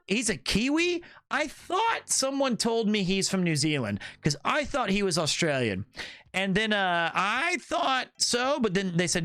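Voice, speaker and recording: A man streaming casual chat with his viewers in an animated, playful way, riffing on slang and trip stories and laughing at his own jokes. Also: sits high, normal speed, clean tone, dry recording, faint music behind. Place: Tokyo, Japan.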